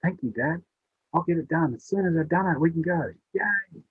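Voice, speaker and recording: A man voicing an excited six-year-old boy in a high, eager voice. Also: moderate pace, breathy edge, no room sound. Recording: tinny phone-like sound.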